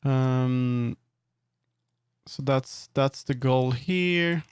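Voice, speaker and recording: A man's voice: mid-range voice, extremely slow, clear, resonant tone, no echo. A man chatting casually on a live stream, thinking aloud and correcting himself as he works. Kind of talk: casual live-stream chat while working.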